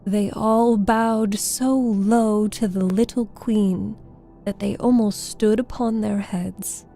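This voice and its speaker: Female audiobook narrator, unhurried and mellow, faint music underneath. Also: medium pitch, fairly even intonation. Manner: slow, gentle storytelling.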